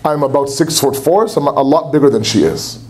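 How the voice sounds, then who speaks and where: Speaking at a religious gathering, a young man delivers a fervent sermon in a religious center's lecture hall, raising his voice to act out quotations. His voice is fairly high and brisk.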